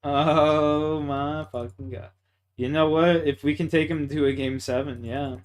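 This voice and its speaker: Streaming a game, a man from Canada tells stories in a profane, excitable way, laughing along and chatting casually. His voice is fairly high-pitched and unhurried.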